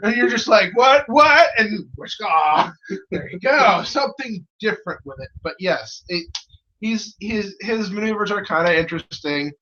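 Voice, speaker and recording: A man's voice: high-pitched, expressive, moderate pace, pushed and bright, dull audio, slight background noise. A man co-hosting a casual review chat, joking and laughing often. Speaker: co-host.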